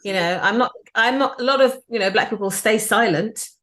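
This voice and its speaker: A middle-aged British woman, a PR agency founder, talking in a casual interview, animated and full of restarts and "you know". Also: medium pitch, a little fast. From United Kingdom.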